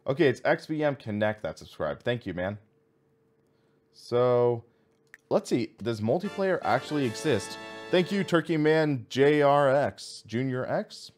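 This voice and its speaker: Lively chatty sim racing streamer, man. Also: mid-range voice, unhurried, soft background music. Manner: thinks aloud, reads menu items, chats to viewers. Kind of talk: casual live-stream commentary.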